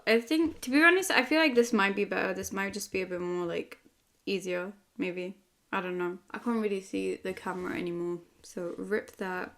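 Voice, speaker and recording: Woman vlogger, tired, gravelly fry, rambling casual chat with constant "like"s, home studio. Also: mid-range voice. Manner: rambling, many filler "like"s. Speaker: webcomic artist.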